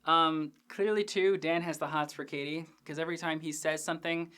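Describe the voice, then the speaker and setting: Female host, lowish voice, casual profane episode recap with jokey asides. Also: steady tone, fairly quick, fairly bright tone. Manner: chatty, profane, joking asides. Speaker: TV after-show host.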